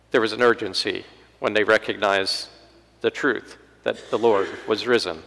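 A man's voice: on the low side, unhurried, gravelly, long pauses, fairly bright tone, big-room sound, low-quality recording. A man preaching a conversational sermon in a church, with wry asides and acted-out quotes.

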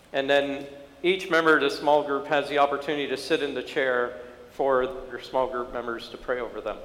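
Man preaching in an echoey church. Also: fairly bright tone. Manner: builds from low-key storytelling to impassioned preaching. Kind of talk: sermon storytelling. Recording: echoey hall.

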